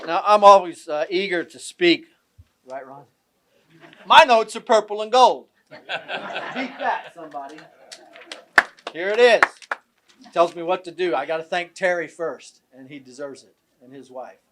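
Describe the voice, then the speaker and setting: A man's voice: high-pitched, expressive, measured pace, pauses often, background noise. Folksy older man telling jokes. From southern Illinois. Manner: folksy, joking, self-deprecating. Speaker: guest speaker at a tribute event. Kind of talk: after-dinner speech with jokes and stories. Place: event room.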